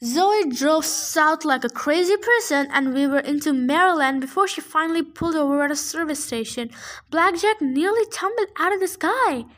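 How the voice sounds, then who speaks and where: A woman's voice: high voice, animated, normal speed, a bit bright. A woman reading a novel aloud casually, adding her own chatty asides. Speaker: reader. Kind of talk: casual audiobook fan reading.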